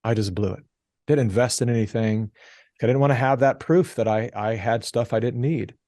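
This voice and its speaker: Animated male storyteller, dry close mic. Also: medium pitch, moderate pace, no echo. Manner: animated storyteller, acts out quoted voices. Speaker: podcast guest. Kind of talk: casual storytelling interview.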